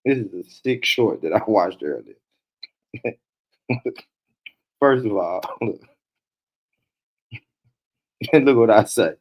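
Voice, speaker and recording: A man's voice: on the low side, lively intonation, slow pace, long pauses, darkish tone. A man hosting a casual commentary stream, talking loosely and profanely and laughing often. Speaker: host.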